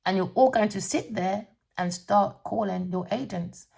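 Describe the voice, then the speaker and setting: A woman runs a tarot reading monologue with a gravelly, fry-laden voice and a husky grain. She swings between sing-song teasing and blunt cussing, calling listeners darling and my lovely as she goes. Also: mid-range voice, a little slow, a little mellow. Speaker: tarot reader.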